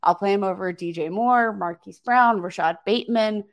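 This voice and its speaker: A woman's voice: mid-range voice, normal speed. Woman cohost rambling about football picks, casual and upbeat, says like a lot. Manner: chatty, filler-heavy, upbeat. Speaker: podcast co-host. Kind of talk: casual fantasy football chat.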